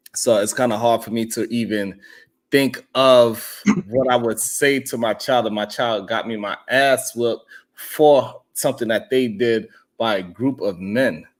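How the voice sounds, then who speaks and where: Animated laughing male talk show host. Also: mid-range voice, a little slow. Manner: animated, laughs a lot, asks questions. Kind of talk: casual talk show banter.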